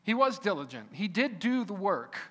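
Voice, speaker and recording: A male preacher delivers a sermon with emphatic, repeated phrases, often dropping to a quiet, low-key delivery. His voice sits high and sounds bright and forceful. A long echo from a large hall hangs on his words. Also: sing-song, moderate pace. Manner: emphatic, repetitive preaching with sudden drops to quiet. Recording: echoey hall.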